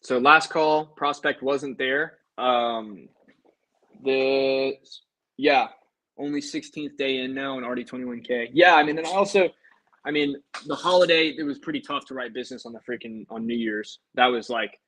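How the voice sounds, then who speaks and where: Between phone calls to prospects, a young insurance agent keeps up a casual, upbeat chat with his livestream viewers before dialing again. He has a medium, slightly bright voice with fairly even intonation and normal speed, captured on a low-quality recording.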